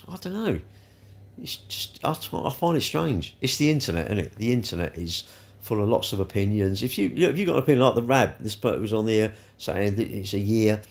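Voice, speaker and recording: A man, a car dealer hosting a casual livestream, ranting in an exasperated, rambling way and firing rhetorical questions at his viewers. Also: mid-range voice.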